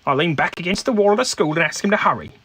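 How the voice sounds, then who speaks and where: A man's voice: sits high, animated, racing, a bit bright, slight background noise, voice pushed up. A man voicing a brash, coarse young working-class woman in a put-on Cockney accent, in a solo tabletop game. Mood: indignant.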